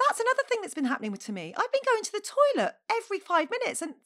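A woman in her forties, co-hosting a podcast, telling stories in a chatty, animated way and acting out her own outbursts. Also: very high-pitched, racing. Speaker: podcast co-host. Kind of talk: casual chat.

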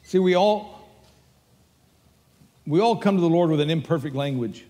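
A man's voice: fairly high pitch, lively intonation, moderate pace, warm tone, in a large hall. An older man with a Texan accent preaching a sermon as pastor, earnest and emphatic as he tells stories.

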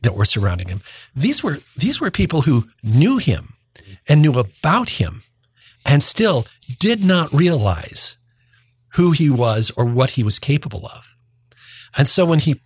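A male preacher reads scripture and then gives a homily in a husky, slightly breathy voice pitched a little high. His delivery is earnest and lively in its rises and falls, and the recording is dry and close with almost no room sound. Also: no echo. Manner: earnest, with frequent restarts. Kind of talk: gospel reading and homily.

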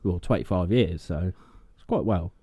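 A young man co-hosting a podcast, chatting casually, swearing freely and reading a story out haltingly. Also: low-pitched, animated, warm tone, slightly rough, dry recording, studio quality. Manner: laid-back, swears freely, reads haltingly. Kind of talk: casual chat and read-out narration.

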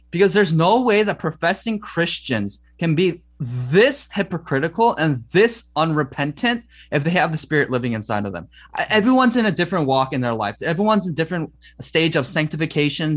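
Animated, earnest man telling his story. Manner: earnest, emphatic, swings between high and low pitch. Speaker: interview guest. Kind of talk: passionate personal storytelling.

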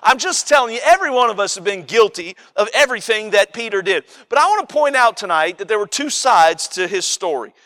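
A man's voice: high-pitched, lively intonation, fairly quick, hardly any pauses, sharp tone. A man preaching a sermon in a conversational, emphatic way, often repeating and restarting his words.

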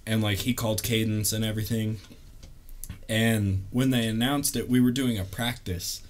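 A man's voice: lowish voice, fairly even intonation, normal speed. A young man telling stories in casual chat, loose and laid-back, full of fillers and laughs. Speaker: interviewee, army veteran.

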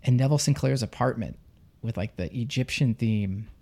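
A man chatting about a movie in a gravelly voice with plenty of fry. He rambles and searches for words, circling back as he builds his point. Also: medium pitch, moderate pace, a little mellow. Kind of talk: casual film discussion.

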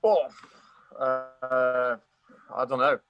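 A man's voice: mid-range voice, fairly even intonation, extremely slow, clean tone, no room sound, highs cut off. A man from France with a French accent, a guest telling stories in casual chat, hesitant with many fillers and restarts. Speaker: guest, motorcycle racer.

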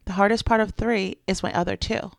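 Chatty woman with a gravelly edge. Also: mid-range voice, steady tone, brisk, no echo, studio quality. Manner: chatty, quotes her kids in playful voices. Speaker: podcast co-host. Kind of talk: casual chat.

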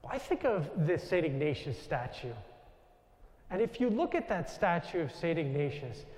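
A man's voice: fairly high pitch, sing-song, normal speed, a little mellow, roomy sound, long reverb tail. A man with a New York accent, a Jesuit priest giving a conversational storytelling talk to a live audience. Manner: conversational, anecdotal, with self-corrections.

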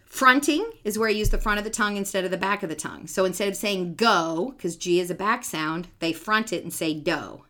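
Her voice is medium-pitched, pushed and bright, running a little fast with few pauses. She's a speech therapist in her forties co-hosting a relaxed podcast, teaching as she talks, making sure her point lands, and quick to laugh.

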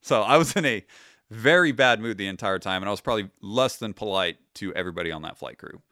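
A man in his thirties tells his story as a podcast guest, casual and wry, swearing freely and slipping into his own past remarks. His voice sits a little low, and the sound is dry and close to the mic. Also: animated, fast talker, bright, forceful tone, no room sound. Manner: profane, wry, re-enacts his own quotes. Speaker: podcast guest, retired Army sergeant.

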